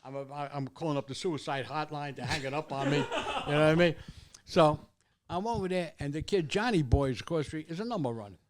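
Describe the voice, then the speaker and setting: Older New guy, talk-show guest; lively, profane, rambling anecdote, repeats himself, voice sits a little high. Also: fast talker. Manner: animated, profane, repeats words as he tells it. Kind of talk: rambling storytelling in casual chat.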